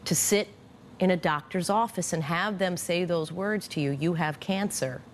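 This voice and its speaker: A woman with a lowish voice recalls her time as a patient in an interview. She speaks candidly and haltingly, often restarting her sentences, with faint noise behind her. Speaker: former cancer patient. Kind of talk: reflective interview.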